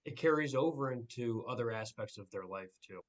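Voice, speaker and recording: A man's voice: mid-range voice, lively intonation, brisk. Young man agreeing in casual chat. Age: 20s. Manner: agreeable, loose rambling sentences. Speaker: guest, small business owner.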